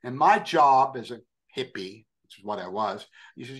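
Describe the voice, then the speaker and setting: An older man from New York, telling an animated, self-deprecating story as a podcast guest. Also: medium pitch, moderate pace. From New York, USA. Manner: animated, acts out quoted voices, self-deprecating. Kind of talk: storytelling anecdote.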